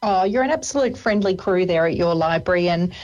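A woman hosting a radio interview, encouraging her guest and pausing with many ums. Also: lowish voice, expressive, a little mellow, dull audio. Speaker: radio host.

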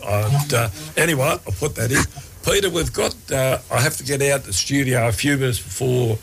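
A man's voice: mid-range voice, vocal fry, very noisy. A man with an Australian accent hosting a radio show from a studio, chatting casually and often restarting his sentences. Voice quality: halting, many fillers and restarts. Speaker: radio host.

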